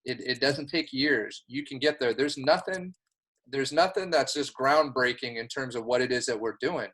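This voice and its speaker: A man's voice: medium pitch, moderate pace, a bit bright. A man with a middle-range voice coaches a newcomer through sales call technique. He talks in an earnest, emphatic way and keeps encouraging the listener. It is plain, practical instruction. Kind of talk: coaching talk.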